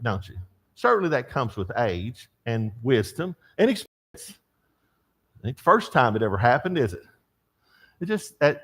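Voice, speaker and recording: An older man teaching a church Bible class, telling stories and asking the class questions. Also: mid-range voice. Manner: storytelling, animated, asks the class questions.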